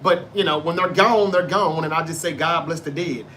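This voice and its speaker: Southern US male host, slightly high, punchy bright tone, casual and profane, talks straight to chat. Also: moderate pace, a little hiss or hum. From Memphis, Tennessee. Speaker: livestream show host. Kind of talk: casual chat reading viewer comments.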